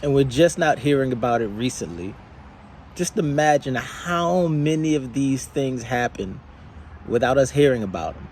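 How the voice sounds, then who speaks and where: A man with an ordinary mid-range voice delivers a heated monologue, swearing freely and weighing each slow phrase. His anger runs steady under the words. A faint background noise sits beneath the recording. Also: medium pitch. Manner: angry, profane, speaks in slow deliberate phrases. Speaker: vlogger. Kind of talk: impassioned spoken monologue.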